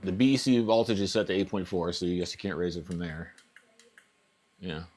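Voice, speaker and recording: Low-voiced man musing through a live stream. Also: a little fast, a little mellow. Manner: thinking aloud, trailing off. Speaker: RC hobby channel host. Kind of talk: casual live unboxing chat. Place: home.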